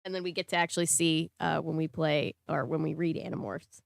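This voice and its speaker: A woman's voice: deep voice, fairly even intonation, fairly quick, creaky, no room sound. A woman hosting a livestream, chatting casually and joking with her guest. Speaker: stream host.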